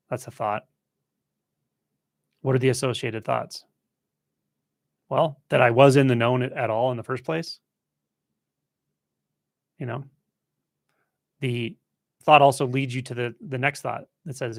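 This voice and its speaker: A man teaching in a relaxed, conversational way, thinking aloud as he answers a viewer's question on a live stream. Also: mid-range voice, normal speed, vocal fry, pauses often, dry recording, studio quality. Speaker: spiritual teacher hosting a live Q&A. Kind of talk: casual spoken teaching.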